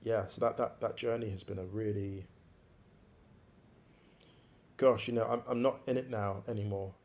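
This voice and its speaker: A man of about forty speaks low and gravelly as a podcast guest. He muses aloud in a conversational way and circles back on his own phrases for emphasis. He sounds like a thoughtful storyteller. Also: fairly even intonation, brisk, darkish tone. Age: around forty. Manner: musing, repeats phrases for emphasis.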